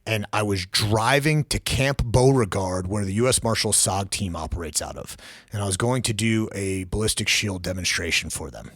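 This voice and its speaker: A man's voice: lowish voice, normal speed, fairly bright tone, no echo, studio quality. A man in his forties, a former law enforcement officer, telling a personal story as a podcast guest, blunt and raw, swearing freely.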